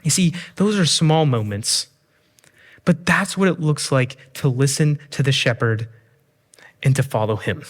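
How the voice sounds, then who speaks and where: A man's voice: mid-range voice, unhurried. Earnest man preaching a sermon. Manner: earnest, asks the listener many questions; paints everyday scenes for the listener.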